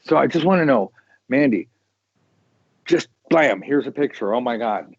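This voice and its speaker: A man hosting a casual tarot chat, talking in a loose, rambling way and often restarting his sentences. His voice sits at an ordinary middle pitch. The recording is dull and lo-fi, with very little room sound. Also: normal speed, gravelly, husky, dry recording. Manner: rambling, animated, with many restarts. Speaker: tarot podcast host.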